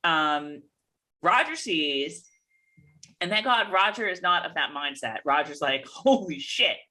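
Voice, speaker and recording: Woman recapping a tv episode, lowish voice but bright, lively ups and downs. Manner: chatty, recounts scenes with quick put-on voices. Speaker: podcast co-host. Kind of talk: casual TV recap chat.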